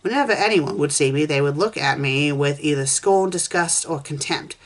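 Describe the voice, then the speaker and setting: A woman reading a first-person fan story aloud at a steady pace, with small slips and restarts as she goes. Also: low-pitched, normal speed. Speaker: fanfiction reviewer.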